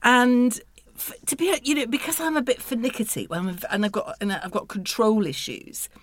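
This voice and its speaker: A woman's voice: on the high side, fairly quick, fairly bright tone, dry recording. A woman co-hosting a casual studio chat, wry, exasperated and self-mocking. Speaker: podcast co-host.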